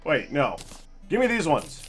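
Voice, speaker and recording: Frantic, high-pitched male gamer. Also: wildly swooping pitch, measured pace, soft background music. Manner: frantic, stammering, sarcastic under pressure. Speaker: gaming channel host. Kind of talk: live gameplay commentary.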